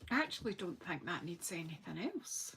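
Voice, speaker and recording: A woman's voice: on the low side, very animated, brisk, fairly bright tone, a little hiss or hum. A woman from Scotland, a craft demonstrator, chatting casually and thinking aloud as she works through a live crafting session.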